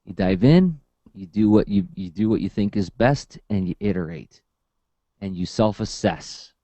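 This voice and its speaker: A man hosting a podcast in casual chat, talking in a playful, animated way. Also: on the low side, normal speed, no room sound. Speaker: podcast host.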